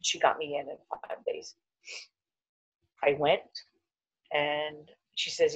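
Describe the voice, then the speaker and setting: A woman's voice: deep voice, slow pace, vocal fry, pauses often, slightly rough, lo-fi sound. A middle-aged woman, a podcast guest, telling her own story, acting out the people she quotes and dropping almost to a whisper at the hardest parts. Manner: animated storyteller, acts out quoted voices, drops to near whisper at hard moments. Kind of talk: personal storytelling interview.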